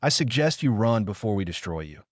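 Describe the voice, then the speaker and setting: Brief: man reading as a cocky teen ninja, low and dry, taunting. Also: very animated, fairly quick, dry recording. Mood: mocking. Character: brash teen ninja boy, cocky and menacing.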